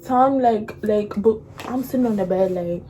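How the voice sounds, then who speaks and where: A woman's voice: moderate pace, a little hiss or hum. Laughing young woman telling a storytime. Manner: animated, slangy, laughs often, acts out quotes in a higher voice. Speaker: vlogger. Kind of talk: casual storytime.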